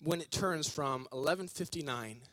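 A male preacher giving an energetic, joking sermon and calling on the congregation to respond. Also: on the high side, normal speed, dry recording. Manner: energetic, joking, calls on the audience.

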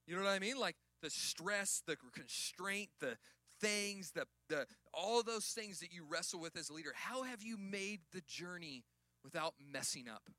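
A man preaching a sermon as pastor, building from quiet stories up to loud, shouted emphasis. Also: sits high, animated, normal speed, no room sound, clean studio sound.

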